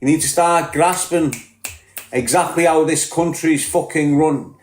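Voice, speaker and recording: A man's voice: a little high, unhurried, reverberant. A man with a Liverpool accent ranting bluntly on a podcast, combative and full of swearing. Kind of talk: heated podcast rant.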